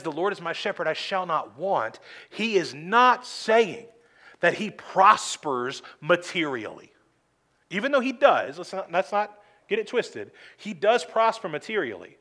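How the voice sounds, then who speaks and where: A man preaching a sermon from a church pulpit, earnest, slowing down for emphasis and adding dry humor. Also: a little high, sharp tone. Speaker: pastor.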